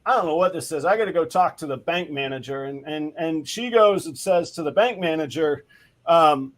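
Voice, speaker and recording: A man hosting a live stream, telling a long rambling joke with lots of halting fillers. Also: on the high side, a bit bright. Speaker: show host.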